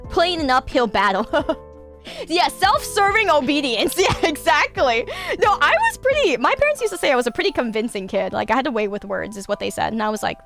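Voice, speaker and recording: A woman's voice: high-pitched, very animated, a little fast, a bit bright, soft background music. A woman hosting a casual stream show, chatting and reading listener stories while gushing and laughing often. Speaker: streamer hosting a call-in style radio show.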